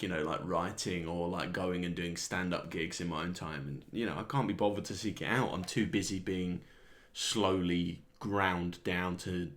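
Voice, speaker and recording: A man with a very low, deep voice talks through a wandering comic monologue. He is sardonic and self-deprecating, and he chuckles at his own jokes between the tangents. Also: a bit bright. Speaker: comedian host. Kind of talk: rambling solo monologue.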